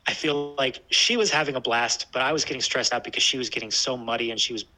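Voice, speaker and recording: A man with a bright, forceful voice talks casually about hiking with his dog. His pace is relaxed and thoughtful, and he often restarts his sentences. His pitch sits in the middle range. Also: fast, low-quality recording. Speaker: hiker discussing a trip with his dog. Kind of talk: casual chat.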